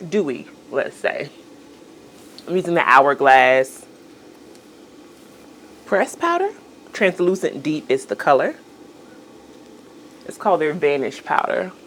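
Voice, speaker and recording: In a casual outfit try-on vlog, a woman fashion vlogger chats playfully with her viewers, exclaiming "girl" and "y'all" in an animated way. Her voice sits fairly low, with a little hiss or hum in the recording.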